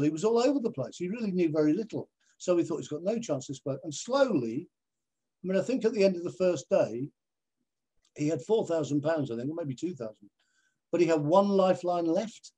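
A man recounts backstage stories from his presenting career with lively storytelling energy. His voice sits a bit high for a man and he slips into other people's voices as he goes. He is heard over a video call. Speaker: television presenter guest. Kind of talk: anecdotal storytelling in a conversation.

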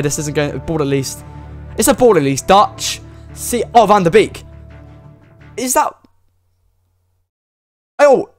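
A young man with a fairly high voice narrates a game pack opening in an excitable, exclamatory way. He pleads and cheers, peppering his talk with slang. Soft music plays underneath. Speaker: gaming YouTuber.

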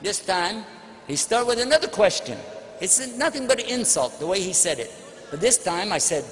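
A man's voice: high voice, very animated, moderate pace, fairly bright tone. A man giving a religious lecture and answering audience questions with emphatic, anecdotal storytelling. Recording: echoey hall with faint noise.

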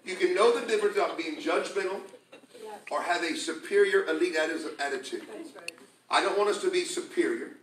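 A man preaching a sermon to a congregation, telling stories with laughter and rising to shouts. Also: high-pitched, brisk. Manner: storytelling, laughing, building to shouts. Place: church sanctuary with congregation. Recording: echoey church from a distance.

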